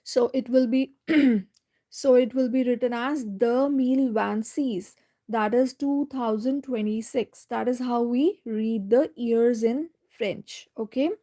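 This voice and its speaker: A woman teaching French in a live online lesson, going slowly step by step, repeating words and checking in with "right?". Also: fairly high pitch, dark tone.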